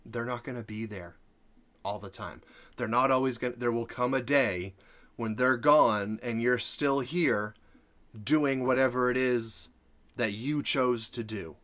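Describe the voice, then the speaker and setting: A man's voice: medium pitch, unhurried, a bit bright. A middle-aged man hosting a reaction video, talking earnestly about family. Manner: earnest, heartfelt ranting. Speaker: reaction channel host. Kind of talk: casual reaction commentary.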